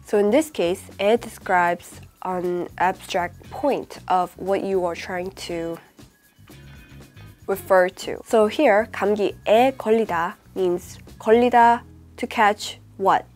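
A woman with a bad cold, her voice rough and odd, giving a casual online language lesson and explaining patiently. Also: mid-range voice, normal speed, darkish tone, faint music behind. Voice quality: rough, odd-sounding sick voice. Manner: explains patiently, often checking in with the viewer. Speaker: Korean language teacher.

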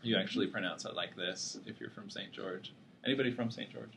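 A man's voice: lowish voice, fairly quick, gravelly, a bit bright, slight background noise. A man teaching a psychology class, lecturing casually and joking with his students. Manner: casual, joking, self-deprecating.

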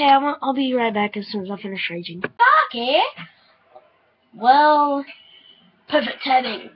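Husky excitable young woman gamer. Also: sits high, unhurried, pauses often. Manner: excitable, yelling and swearing at opponents. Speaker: gamer commentating her own gameplay. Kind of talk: casual gameplay commentary. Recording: dull lo-fi sound.

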